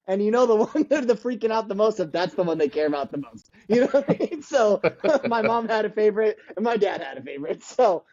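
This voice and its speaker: Male guest in his 30s, mellow tone, laughs through his stories, dull recording. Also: high voice, a little fast. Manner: laughs often, animated when telling stories. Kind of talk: casual storytelling.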